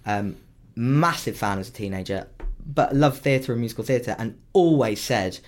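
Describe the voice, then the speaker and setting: A young man, a musical theatre performer, chatting casually and telling animated stories. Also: normal speed. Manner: animated storytelling with big pitch leaps. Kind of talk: casual chat.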